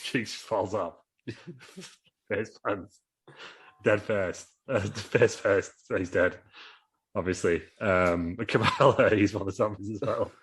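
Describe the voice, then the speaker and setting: Low-voiced man telling a rambling comic story. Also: slow, pauses often, slightly rough. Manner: rambling, laughing, with many fillers. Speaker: podcast co-host. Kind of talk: casual comedic storytelling.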